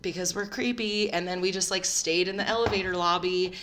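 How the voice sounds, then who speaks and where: A young woman co-hosting a podcast, telling a story in casual chat and jumping high for quoted lines. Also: fairly even intonation, brisk, fairly bright tone, slight background noise. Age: young adult. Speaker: podcast co-host.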